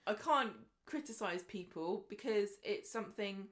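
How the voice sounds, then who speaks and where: A woman's voice: medium pitch, animated, measured pace. A woman co-hosting a soap recap podcast, chatty and teasing, who reads out statistics as she talks. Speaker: podcast co-host. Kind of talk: casual soap recap chat.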